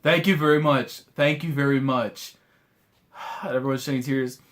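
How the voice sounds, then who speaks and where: A young man reacting live to a manga chapter, his voice swinging from hushed and choked up to loud pleading outbursts. He talks casually, stumbles over his words and keeps tacking on "man" and "bro." His pitch sits in a middling range for a man. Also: fairly even intonation, unhurried. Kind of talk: emotional live reaction commentary.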